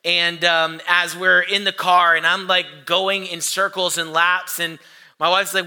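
A male pastor in his thirties delivers a sermon through a personal story. His voice is strongly bright and forceful and sits slightly high. He tells it with animated energy, putting on voices as he goes. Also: measured pace, clear, resonant tone. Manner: animated storytelling, acting out quoted voices loudly.

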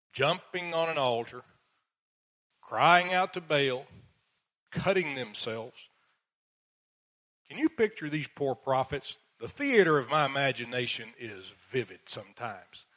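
A man of middle pitch gives an earnest verse-by-verse sermon in a church. He stresses key words with force and reads scripture in old King James English. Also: fairly bright tone. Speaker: preacher and Bible teacher.

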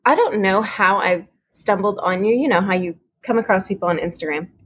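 Husky-voiced woman from Texas telling a story. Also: mid-range voice, brisk, a bit bright. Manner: chatty storyteller, laughs often. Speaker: guest. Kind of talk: casual chat.

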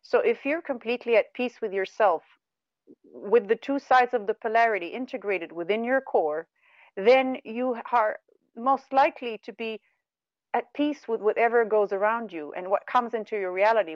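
A middle-aged woman who is not a native English speaker, a guest talking earnestly and warmly about spiritual self-talk in a radio conversation. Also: lowish voice, no room sound, muffled recording. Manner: earnest, animated, laughs at herself. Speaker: guest, meditation teacher.

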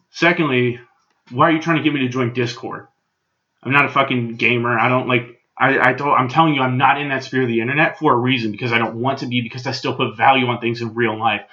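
A man's voice: medium pitch, fairly even intonation, fast talker, sharp tone, lo-fi sound. A young man telling a story at home in a casual, profane, exasperated rant. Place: room at home.

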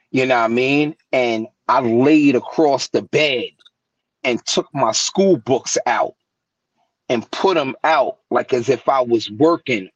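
In a casual storytelling interview over a call, a guest rapper from New York, a man, spins tales with no room sound around him. He's lively and performs quoted voices, his pitch jumping widely. A remote call mic captures it as dry, dull lo-fi web call audio.

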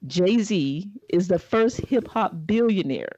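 A woman co-hosting a podcast, telling news in a casual, playful, deadpan way. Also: mid-range voice, slow pace, highs cut off. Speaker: podcast co-host. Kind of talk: casual comedic chat.

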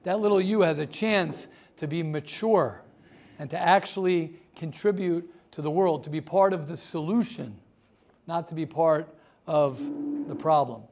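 A man teaching a yeshiva class, talking in a lively way, firing rhetorical questions and telling everyday stories. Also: on the high side, a little slow.

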